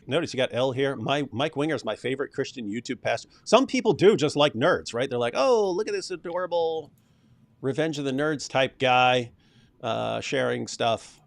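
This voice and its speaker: A man's voice: mid-range voice, normal speed, gravelly, no room sound. A man hosting a live stream, chatting casually, who mocks and laughs often. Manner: mocking, laughs often, restarts sentences.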